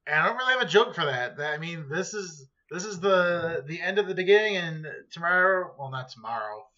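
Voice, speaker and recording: A man's voice: a little high, lively intonation, brisk, pushed and bright, muffled recording. A man cohosting a podcast in casual chat, joking and rambling and swearing now and then. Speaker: podcast co-host.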